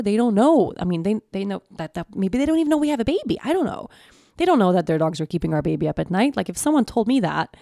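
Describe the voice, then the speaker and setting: A woman in her thirties hosting a podcast, telling a personal story in a casual, lively way and acting out the voices of the people in it. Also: mid-range voice, gravelly, no echo, studio quality. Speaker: podcast host.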